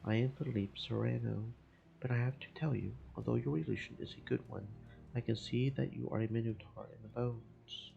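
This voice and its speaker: A man's voice: medium pitch, fairly even intonation, fairly quick, creaky, dark tone, muffled recording. Philippe, a man doing a lovesick Spanish fishmonger. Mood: proud. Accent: put-on Spanish. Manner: theatrical, lovesick. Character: Spanish fishmonger, amorous and proud.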